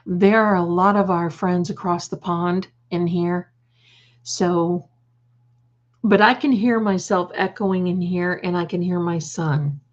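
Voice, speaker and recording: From her home, a US woman hosts a casual livestream, reading comments and affectionately calling viewers darling. Her voice sits on the low side with fairly even intonation and a slow pace, and the recording sounds muffled.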